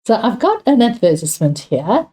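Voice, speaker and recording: Patient, mellow-voiced woman teacher, South African. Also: fairly high pitch, big pitch swings, normal speed. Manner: patient, repeats key points, asks students questions. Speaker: English teacher. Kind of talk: exam revision lesson.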